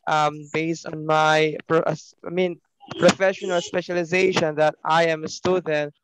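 A man from the Philippines, an English teacher talking excitedly and haltingly, often restarting his sentences. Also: a little high, noisy background. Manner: excited, halting, many restarts and self-corrections. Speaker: English teacher and linguistics postgraduate. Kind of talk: casual online class chat.

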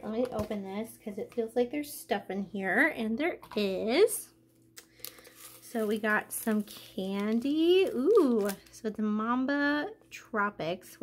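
Woman, vlog host, craft unboxing, gushing, emotional, slightly high voice. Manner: gushing, excitable, lots of "like". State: emotional, out of breath.

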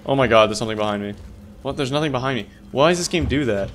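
Talking very fast in a medium-pitched voice, this gamer narrates his horror game live, cursing, shrieking at jump scares and chuckling nervously to himself.

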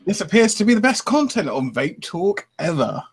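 A man's voice: high voice, very animated, normal speed, slightly rough. A man co-hosting a podcast, chatting playfully and teasing the others. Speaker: podcast co-host. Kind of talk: casual banter.

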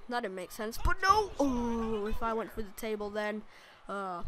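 A woman commentating on her own wrestling video game match, excitable, exclaiming and laughing often. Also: fairly high pitch, normal speed, heavy background noise. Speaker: gaming commentator.

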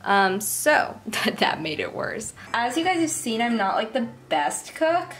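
A woman's voice: on the high side, sing-song, measured pace, fairly bright tone. A young woman talking casually to camera in a chatty, giggly, self-mocking way. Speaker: YouTuber. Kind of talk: casual vlog bloopers.

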